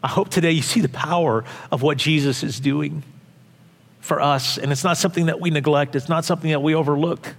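A man's voice: fairly high pitch, fairly quick. A male pastor delivering an emphatic, conversational sermon in a church hall with long reverb. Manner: animated, emphatic, conversational preaching.

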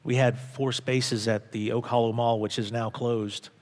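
A man's voice: medium pitch, little pitch movement, unhurried, in a large hall. A male pastor preaching a sermon, earnest and emphatic, repeating phrases for stress. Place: church sanctuary.

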